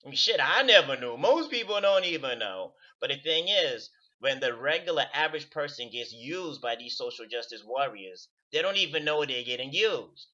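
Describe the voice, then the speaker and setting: Man, casual rant, emphatic and profane, bright edgy voice, muffled lo-fi sound. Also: mid-range voice, sing-song, moderate pace, hardly any pauses. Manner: emphatic, profane, repeats words for stress. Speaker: video commentator. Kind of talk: casual ranting monologue.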